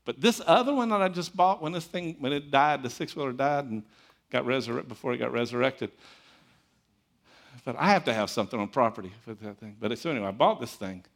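A man preaching a sermon as a pastor, telling stories in an animated, conversational, folksy way. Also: medium pitch, fairly quick, creaky.

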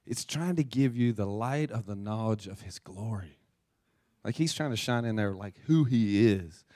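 A man's voice: fairly low pitch, animated, normal speed, dark tone. A male pastor telling a personal story in a casual, chatty sermon and reading from scripture, with frequent restarts.

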